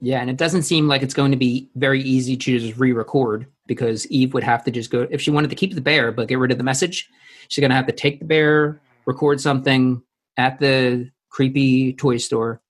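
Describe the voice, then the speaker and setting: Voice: mid-range voice, fairly even intonation, normal speed. Rambling podcast co-host recapping an episode. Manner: loose and rambling, many fillers, breaks into silly sung impressions. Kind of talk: casual chat recapping a TV episode.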